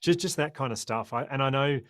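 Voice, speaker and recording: An Australian man in his forties, a guest on a podcast interview, talking in an impassioned, animated way. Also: mid-range voice, a little fast, dry recording, studio quality. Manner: impassioned, animated storyteller who acts out quoted voices.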